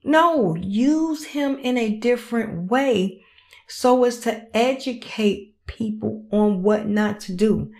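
A woman's voice: a little high, slow, creaky, faint music behind. A woman hosting a podcast, talking casually and animatedly, repeating herself and acting out little voices. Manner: animated, repetitive, acts out voices. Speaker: podcast host. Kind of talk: casual commentary monologue.

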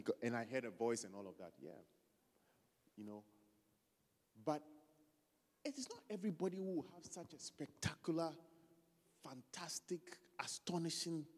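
A man preaching a lively sermon, loose and joking, often stopping to find his place in the text. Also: medium pitch, big-room sound. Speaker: pastor.

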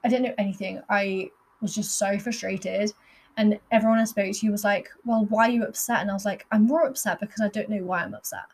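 Earnest young woman podcasting. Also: mid-range voice. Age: young adult. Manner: candid and earnest, with frequent fillers like "like". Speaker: podcast host. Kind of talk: casual personal monologue.

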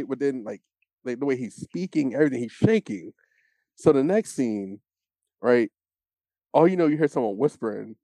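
A man's voice: medium pitch, moderate pace, dry recording. A man co-hosting a podcast, retelling a show scene in casual chat and acting out the lines. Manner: animated storytelling, acts out quotes. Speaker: podcast co-host.

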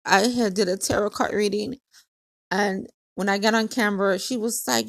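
A woman's voice: mid-range voice, fairly even intonation, normal speed, vocal fry, no echo, clean studio sound. A woman hosting her own podcast, telling a casual story in a chatty way, laughing often and acting out what others said. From Hawaii. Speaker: podcast host.

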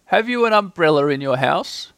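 A man doing Winnie-the-Pooh, slow and earnest. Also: fairly high pitch, lively intonation, creaky, a bit bright, clean tone, no room sound. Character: gentle simple-minded male bear.

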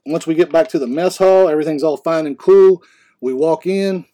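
A man's voice: a little high, moderate pace, mellow. A man co-hosting a podcast, telling rambling stories in a casual way, often restarting his sentences. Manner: rambling, self-correcting anecdotes. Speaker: podcast co-host. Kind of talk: casual storytelling.

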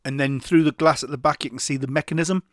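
A man's voice: fairly high pitch, fairly even intonation, quick pace, no echo, clean studio sound. A man, chatting casually as a podcast co-host and telling jokey stories with laughs. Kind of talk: casual chat.

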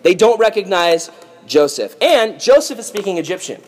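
High-voiced, animated male preacher. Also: normal speed, a little hiss or hum. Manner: animated, playful, jokey. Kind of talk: lively Bible storytelling.

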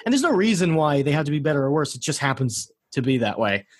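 A man's voice: on the high side, big pitch swings, fast talker. An American man casually retelling history on a podcast, rambling with frequent restarts. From United States.

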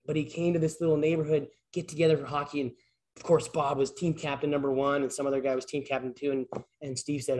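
A man's voice: a little high, level tone, fast talker, a little mellow. A man who works as a PE teacher, filling in as a church speaker and giving an informal, story-driven sermon in a rambling, conversational way full of restarts.

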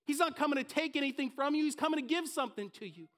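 Energetic high-voiced male preacher. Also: fast talker, hardly any pauses. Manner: energetic, conversational, acts out voices. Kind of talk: sermon.

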